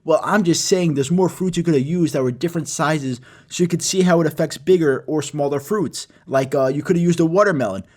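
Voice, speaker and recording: Brief: a man playing a prissy know-it-all kid, fussy and nitpicking, fairly high voice. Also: brisk, few pauses, a little mellow, close to an everyday voice. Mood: pedantic. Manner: pedantic, prissy. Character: know-it-all male classmate.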